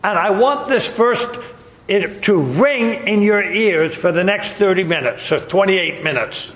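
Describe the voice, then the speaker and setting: Slow, lively-pitched preacher in an echoing hall. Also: male voice. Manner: emphatic, repeats rhetorical questions. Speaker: pastor. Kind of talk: sermon. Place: church sanctuary. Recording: echoey hall with long reverb.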